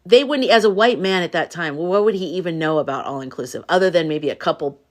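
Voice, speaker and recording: A woman's voice: on the low side, fast talker. Rambling, confiding middle-aged woman. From United States. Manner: rambling, confiding, emotional, many restarts. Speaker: spiritual livestream host. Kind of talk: casual chat on a live stream.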